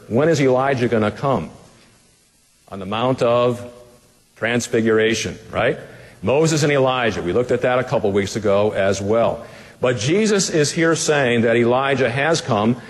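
A man's voice: medium pitch, in a large hall. A man as pastor teaching a Bible passage in a conversational sermon, putting rhetorical questions to the listeners in a casual way with fillers.

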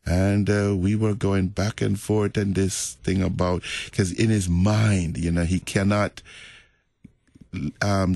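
A middle-aged man, a pastor, talking about faith in a relaxed, reflective, storytelling way. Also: low-pitched, husky, dry recording. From Jamaica. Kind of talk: casual faith conversation.

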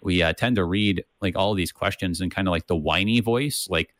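Brief: man, lowish voice, casual Bible-study co-host, restarts a lot and tags lines with "right?", dry close sound. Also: moderate pace, fairly bright tone, dry recording. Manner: thinks aloud with many restarts and "right?" tags.

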